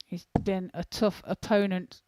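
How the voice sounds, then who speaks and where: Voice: medium pitch, level tone, unhurried, mellow, no room sound. A darts co-commentator talking live, chatty and joking with the main commentator. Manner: chatty, jokes with partner.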